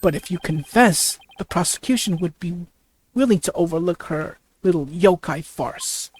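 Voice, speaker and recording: A reader voicing a cold, scheming male prosecutor in a let's play, speaking with low, measured menace and stumbling over the words. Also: lively intonation, breathy edge. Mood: menacing. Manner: stammers over the lines. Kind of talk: let's play dialogue reading.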